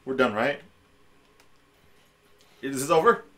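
A man's voice: medium pitch, expressive, takes it slowly, fairly bright tone. A man chatting casually and reacting with squirmy protests to a story being read to him. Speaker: co-host reacting. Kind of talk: casual chat.

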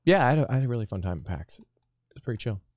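A man's voice: mid-range voice, big pitch swings, very fast, a little mellow, dry recording, studio quality. A man playing a game on stream, tired and chatting in a laid-back, rambling way. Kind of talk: casual chat.

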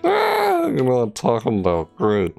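A man streaming a game, chatting casually and rambling with jokes, sometimes breaking into loud high squeals. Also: unhurried, soft background music. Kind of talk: casual gameplay commentary.

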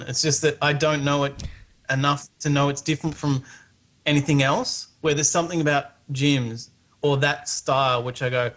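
A man's voice: fairly high pitch, a bit bright. A man from Australia with an Australian accent, a guest in a casual late-night chat, hesitant, with many fillers, laughing easily.

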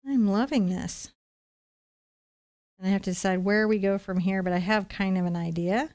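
A woman's voice: medium pitch, normal speed, a little mellow. A woman hosting a live acrylic painting tutorial, explaining each step in a chatty, encouraging way. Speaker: painting instructor and live-stream host.

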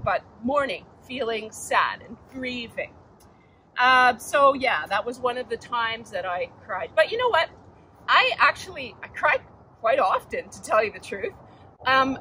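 An older woman giving a children's message at church, chatting gently and asking the children questions. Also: fairly high pitch, a little hiss or hum, rough recording. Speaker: church children's time speaker.

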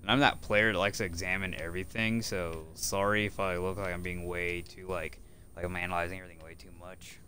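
A young man streaming a horror game, cursing constantly and swinging between loud outbursts and muttered asides. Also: deep voice, level tone, a little fast, a little hiss or hum. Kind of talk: casual gameplay commentary.

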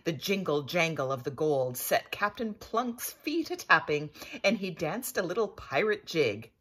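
Breathy expressive woman reading a storybook. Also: fairly low pitch, measured pace. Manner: expressive, playful. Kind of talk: storybook read-aloud.

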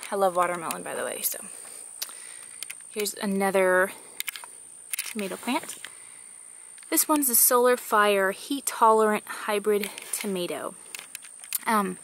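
A woman's voice: mid-range voice, expressive, measured pace, pauses often, fairly bright tone, a little hiss or hum. A woman, a little out of breath, chatting casually as she walks through her garden. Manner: chatty, upbeat, with fillers and little laughs. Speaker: vlogger giving a garden tour. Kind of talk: casual walking tour. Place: outdoor garden.

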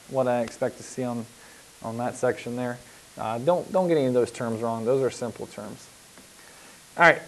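A man's voice: medium pitch, darkish tone, low-quality recording. A man teaching a geometry lesson as a recorded lecture, patient and repetitive, with frequent fillers as he walks through examples on the board. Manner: patient, repeats himself, frequent "uh" and "okay". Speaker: math teacher.

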